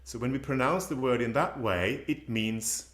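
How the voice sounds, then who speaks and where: A man teaching a live class, patient and laughing often as he says words slowly for learners to repeat. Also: mid-range voice, a bit bright, roomy sound. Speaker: Swedish language teacher. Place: presentation room with slides.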